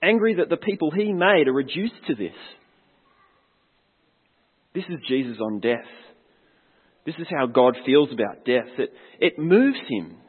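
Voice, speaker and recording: A man's voice: fairly high pitch, expressive, measured pace, pauses often, husky. A man preaching a sermon as a pastor, earnest and reflective, putting questions to his congregation. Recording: long hall reverb, tinny phone-like sound.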